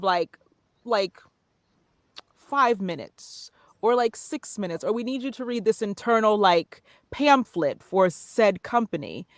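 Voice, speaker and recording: A woman voiceover artist as a podcast guest, speaking thoughtfully with frequent pauses and fillers. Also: mid-range voice, fairly bright tone, no room sound, clean studio sound. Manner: thoughtful, halting, many fillers. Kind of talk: casual podcast interview.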